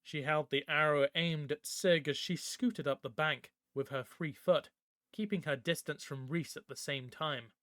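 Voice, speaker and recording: A man narrating a fantasy audiobook in a steady storytelling manner. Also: a little high, unhurried, dry recording, clean studio sound.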